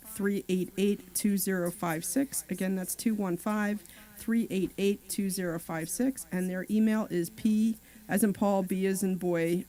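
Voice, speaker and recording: A woman's voice: fairly low pitch, darkish tone. A woman co-hosting a talk radio show, chatting and reading sponsor numbers and websites. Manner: chatty, reads out sponsor details. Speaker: radio co-host.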